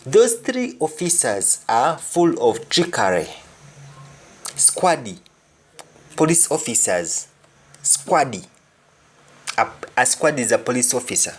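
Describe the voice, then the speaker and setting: A man with a Jamaican accent gives a language lesson. He repeats each phrase deliberately and then translates it. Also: medium pitch, big pitch swings. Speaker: language teacher.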